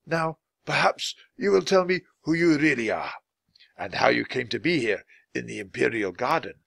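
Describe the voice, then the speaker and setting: Brief: kind, gently amused older man, voiced by the narrator, calm and soft. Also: mid-range voice, moderate pace, gravelly, no echo, studio quality, full character voice.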